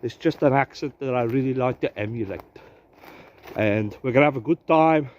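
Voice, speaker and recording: A man's voice: mid-range voice, normal speed, darkish tone, dull audio, slight background noise. A man hosting a casual outdoor vlog in winter woods, joking around in a put-on South African accent. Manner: jokey, playful mock accent. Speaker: bushcraft vlogger host.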